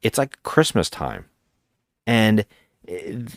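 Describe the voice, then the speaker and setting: Low-voiced man rambling through a movie plot. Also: takes it slowly, dry recording, studio quality. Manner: rambling, hesitant, animated retelling of plot. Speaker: podcast co-host. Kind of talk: casual movie-review chat.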